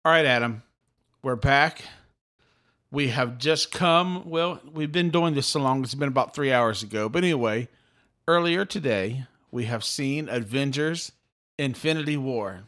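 A middle-aged man hosting a podcast in an animated, talkative way, often repeating and restarting his words. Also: mid-range voice, unhurried. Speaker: podcast host. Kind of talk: excited casual chat.

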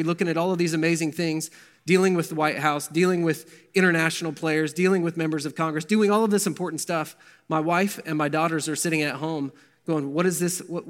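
Man telling his story in a reverberant hall. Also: fairly high pitch. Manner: conversational storytelling with many ums and restarts. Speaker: guest speaker at men's breakfast. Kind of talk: personal testimony talk.

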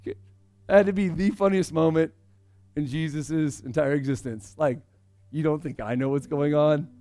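A man preaching a conversational sermon, swinging between loud emphasis and hushed asides. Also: a little high, moderate pace. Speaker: pastor.

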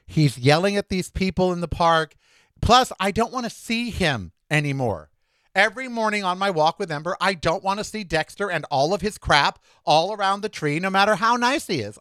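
A man's voice: a little high, dry recording, clean studio sound. Chatty man telling a story. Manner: chatty, animated, talks back and forth with himself in quoted dialogue. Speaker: podcast host. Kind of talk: casual monologue storytelling.

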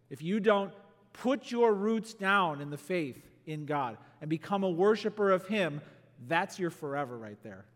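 A pastor delivering a sermon, teaching through a passage with emphatic bursts and slowed, stressed phrases. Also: male voice, sits high. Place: church sanctuary. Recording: long reverb of a church hall.

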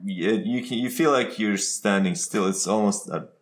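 A man's voice: lowish voice, moderate pace. A man co-hosting a podcast, explaining things casually and with enthusiasm. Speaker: podcast co-host.

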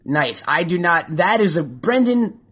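Podcast host, man, husky and a bit high-pitched, loose profane banter, faint music underneath. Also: very animated, a little slow, fairly bright tone. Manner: joking, profane, rambling with restarts.

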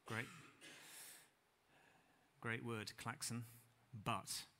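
Male preacher, bright, forceful tone, casual and self-deprecating, swings between emphatic and hushed delivery. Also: mid-range voice, fairly even intonation, extremely slow, a little hiss or hum. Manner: conversational, self-deprecating, builds to emphatic peaks then drops quiet. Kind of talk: sermon. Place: church hall with congregation.

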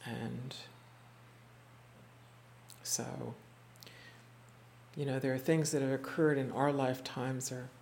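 A reflective teacher tells stories to a small gathered group, voicing the people in them as the tale unfolds. The delivery is unhurried and thoughtful, with frequent halting restarts and repeated words. A faint hum of room noise sits behind the voice. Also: medium pitch, fairly even intonation, gravelly, a little mellow. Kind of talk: storytelling talk to a small group.

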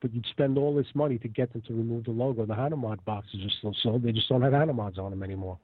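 A man's voice: medium pitch, fast talker, slightly rough, no echo. A man joining a talk radio show as a regular panelist, blunt and matter-of-fact. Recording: phone-like line.

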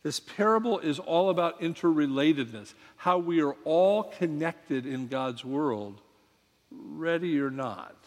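A pastor preaching and telling a story to his congregation, with measured delivery and dramatic pauses. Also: a little high, lively intonation. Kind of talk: sermon with storytelling. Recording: long hall reverb.

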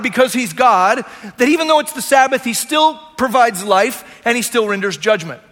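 Male pastor, high bright voice, chatty sermon delivery, long hall reverb. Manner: conversational, acts out quotes, frequent "right?".

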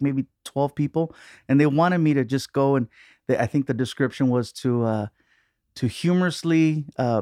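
A man's voice: medium pitch, darkish tone, dry recording, studio quality. A man, a stand-up comedian, chatting casually as a podcast guest and telling laid-back road stories with easy laughs.

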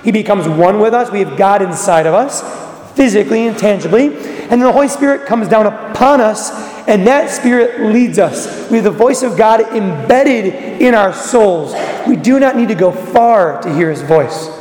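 A man preaching a sermon, urging his listeners on and then dropping to a hush. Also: sits high, lively intonation, moderate pace. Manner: earnest, exhortative, with sudden drops to a hush. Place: church. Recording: echoey church with long reverb.

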